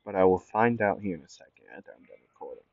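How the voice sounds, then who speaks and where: A man's voice: sits low, expressive, quick pace, no room sound, phone-quality sound. A young man improvising a what-if fan story, rambling and correcting himself as he goes, on a home mic. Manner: rambling, self-correcting, lots of fillers.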